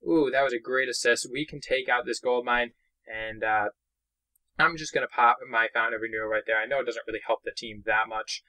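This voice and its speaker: A young man from Boston giving excitable, chatty commentary while playing a mobile game. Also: mid-range voice, poor audio. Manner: excitable, chatty, narrates own moves. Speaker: gaming YouTuber. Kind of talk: let's play commentary.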